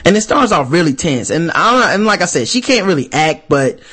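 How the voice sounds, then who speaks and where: A man co-hosting a podcast with a slightly high voice, talking in a loose and profane way. He tells stories with energy and slips into mock voices. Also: sing-song, a little fast, a bit bright, husky. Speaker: podcast co-host. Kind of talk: casual chat.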